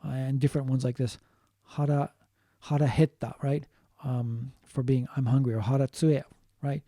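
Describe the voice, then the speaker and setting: Mellow-voiced man teaching linguistics. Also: medium pitch, level tone, no room sound, clean studio sound. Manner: explains slowly, repeating points and adding Japanese glosses. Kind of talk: online lecture.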